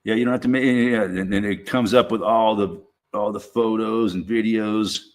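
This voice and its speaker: A man with a fairly low voice talks off the cuff in a loose, rambling stream monologue. He swears freely and keeps stopping to restart his sentences. Filler phrases like "you know" and "man" run through everything he says. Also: steady tone. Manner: rambling, profane, halting restarts.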